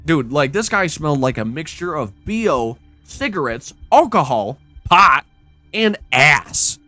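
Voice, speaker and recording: Animated, profane ranting podcast host man. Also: fairly high pitch, unhurried, no room sound, soft background music. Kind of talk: casual ranting storytelling.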